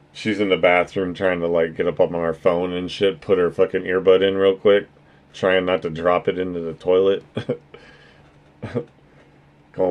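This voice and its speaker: A man's voice: deep voice, flat delivery, normal speed, pauses often. A man chatting casually on his livestream, rambling and earnest, swearing freely as he thanks his viewers. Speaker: streamer.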